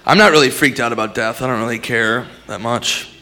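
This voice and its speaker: A man doing stand-up with dark, deadpan jokes and sudden shouted bits. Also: mid-range voice, a little fast. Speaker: stand-up comedian. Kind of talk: stand-up comedy. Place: comedy club stage with live audience. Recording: live club recording with crowd.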